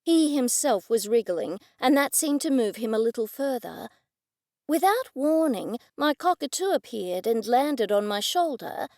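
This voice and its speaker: A woman narrating a first-person mystery audiobook in a clear, even storytelling delivery. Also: fairly high pitch, measured pace, no echo, studio quality.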